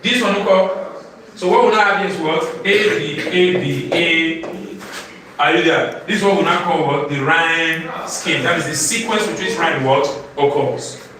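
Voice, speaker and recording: In a slightly high voice and an unhurried pace, a male literature teacher quizzes a live class, each question ending in "what?" so students can answer. The mic sits far away in an echoey room, catching slight background noise and the class.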